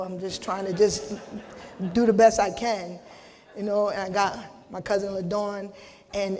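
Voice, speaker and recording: Middle-aged woman, emotional inductee, choked-up, casual, restarts often, monotone, long reverb. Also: mid-range voice, slight background noise. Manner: halting, repeats herself, casual slang. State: holding back tears. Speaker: hall of fame inductee. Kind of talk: emotional acceptance speech.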